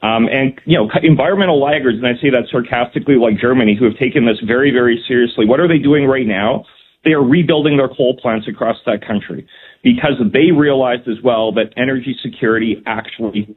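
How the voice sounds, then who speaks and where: Husky-voiced minister on a phone line. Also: male voice, mid-range voice, fairly even intonation. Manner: measured, defensive, many ums. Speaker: provincial cabinet minister, guest. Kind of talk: phone-in radio interview.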